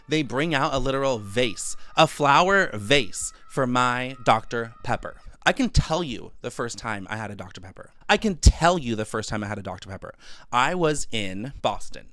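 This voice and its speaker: A man in his twenties delivering a profane, animated comedic rant monologue. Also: medium pitch. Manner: animated, profane, exaggerated outbursts.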